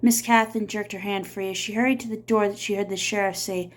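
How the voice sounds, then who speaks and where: A woman reading a novel aloud as an audiobook reader, in a steady storytelling manner. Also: mid-range voice, a little fast.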